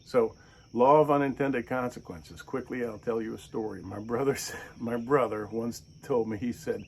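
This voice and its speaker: A man, the channel's host, telling a casual story, animated and acting out the people he quotes in raised voices. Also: mid-range voice, normal speed, slight background noise.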